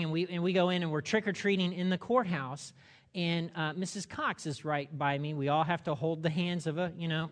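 A male pastor preaching a sermon with animated, humorous storytelling. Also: high voice, big-room sound.

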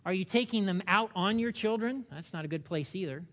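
A male pastor preaches a sermon in a church, his voice sitting a little high for a man. He talks in an animated way, acting out the voices of people in the story and putting questions to the congregation. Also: a little fast.

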